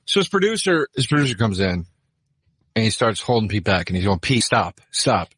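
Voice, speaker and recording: A comedian telling a heated story on a podcast, profane and animated. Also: male voice, fairly low pitch, a little fast, slightly rough, no echo. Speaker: comedian guest.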